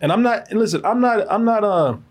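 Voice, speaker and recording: A man hosting a casual movie review podcast, joking and animated, laughing often. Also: high-pitched, brisk, breathy edge. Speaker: podcast host and film reviewer.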